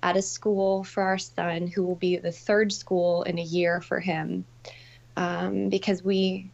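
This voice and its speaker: A woman speaking in a heartfelt way on a podcast, with many fillers and soft asides. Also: fairly low pitch, little pitch movement, takes it slowly, gravelly, muffled recording. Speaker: parenting expert guest. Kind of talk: conversational podcast talk.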